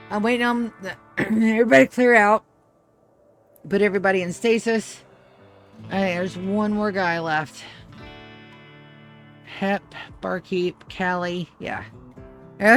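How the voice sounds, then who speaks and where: A woman's voice: medium pitch, unhurried, long pauses, faint music behind. A woman live-streaming a video game in casual chat, swearing, laughing often and cooing to her cat.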